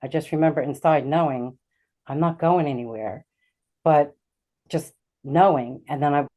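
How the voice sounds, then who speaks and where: A middle-aged woman, a guest and intuitive healer, recounting a personal experience in a halting way, with many fillers and restarts. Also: sits low, warm tone. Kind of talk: personal storytelling.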